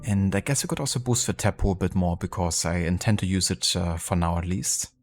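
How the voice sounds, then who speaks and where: Deep-voiced and brisk, this live streamer chats casually while gaming, thanking his viewers and using plenty of fillers. Faint music can be heard behind him.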